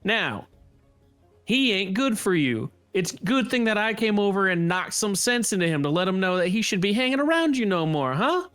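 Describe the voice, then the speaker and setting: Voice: medium pitch, big pitch swings, normal speed, a bit bright, clean tone, faint music behind, pitched above the performer's own voice. A game master voicing a brash young woman enforcer who carries a bat and talks in drawling slang. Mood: swaggering. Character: tough young woman thug with a bat, swaggering.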